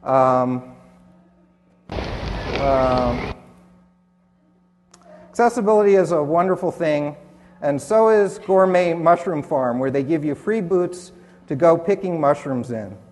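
A man's voice: a little high, expressive, slow pace, pauses often, a little mellow, slight background noise. Sardonic male conference speaker. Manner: sardonic, dry humor. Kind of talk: presentation talk. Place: hotel conference hall. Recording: long hall reverb in a conference hall.

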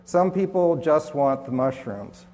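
A man presents at a conference with sardonic, dry humor. His voice sits somewhat high. The sound carries long reverb from a hotel conference hall. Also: unhurried, mellow. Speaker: conference speaker. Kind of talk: presentation talk.

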